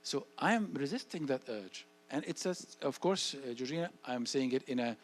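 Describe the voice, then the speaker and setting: A man, a guest speaker answering audience questions about parenting in a church hall. He is animated, acts out little dialogues and repeats key phrases. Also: mid-range voice, normal speed.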